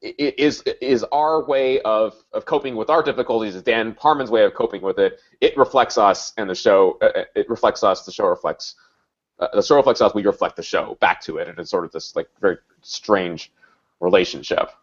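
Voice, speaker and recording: A man's voice: on the low side, fairly quick, husky, muffled recording. A man joining a casual discussion as a guest writer, talking loosely over a video call.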